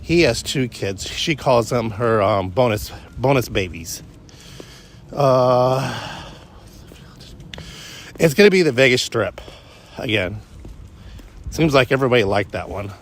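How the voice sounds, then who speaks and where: A man's voice: mid-range voice, lively intonation, slow, pauses often. Vlogger, male, rambling walk-and-talk delivery, loose and chatty, faint traffic behind. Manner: meandering, self-interrupting, frequent restarts. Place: outdoors on a morning walk.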